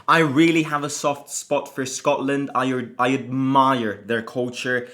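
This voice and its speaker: A man with an Italian accent, a native Italian speaker, hosting a football fan channel in an excitable, chatty way with frequent restarts. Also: medium pitch, a little slow. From Italy. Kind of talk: casual fan vlog chat.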